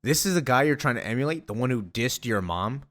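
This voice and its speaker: A man's voice: mid-range voice, animated, fairly quick, a bit bright, close to an everyday voice. A man putting on a cocky quipping teen heroine. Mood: teasing. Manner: teasing, quippy. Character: teenage girl hero, cocky, quippy.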